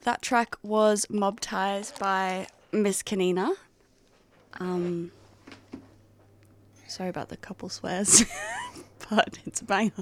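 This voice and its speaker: A woman co-hosting a radio show, back-announcing and chatting in a relaxed, reactive way. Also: mid-range voice, takes it slowly, pauses often. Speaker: radio co-host. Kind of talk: casual radio chat.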